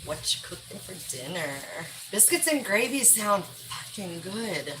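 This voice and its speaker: A woman's voice: medium pitch, big pitch swings, a little slow, noisy background. A woman chatting bluntly and profanely on a livestream while putting groceries away in her kitchen. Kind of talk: casual livestream chat. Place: home kitchen.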